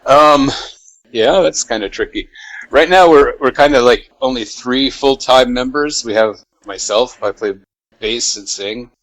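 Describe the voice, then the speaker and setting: A man's voice: medium pitch, measured pace, fairly bright tone, no echo, low-quality recording. Laid-back American man with a dry, close sound. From United States. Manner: laid-back, laughs often, many fillers. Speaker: musician guest. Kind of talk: casual interview chat.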